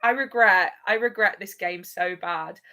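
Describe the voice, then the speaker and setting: A woman's voice: medium pitch, a little slow, bright, forceful tone. A woman hosting a live watch-along, chatting playfully with viewers and laughing often. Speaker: livestream host.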